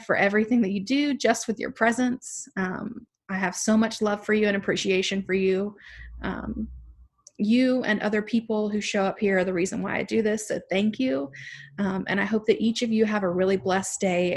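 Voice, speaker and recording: A woman with a Southern US accent giving a gentle class talk as an herbalist, soft-spoken with frequent fillers. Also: mid-range voice. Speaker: herbalist teacher.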